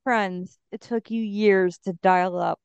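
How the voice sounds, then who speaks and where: A woman's voice: mid-range voice, steady tone, slow, gravelly, darkish tone, clean tone, dry recording, dull audio. A woman co-hosting a podcast in casual chat, teasing and nostalgic. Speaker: podcast co-host.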